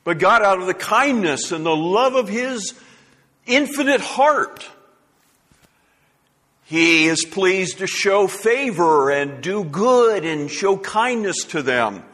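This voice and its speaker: A man's voice: high voice, lively intonation, takes it slowly, a bit bright. A male pastor giving a sermon in an earnest, emphatic way, often restarting phrases as he builds a point. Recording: long hall reverb.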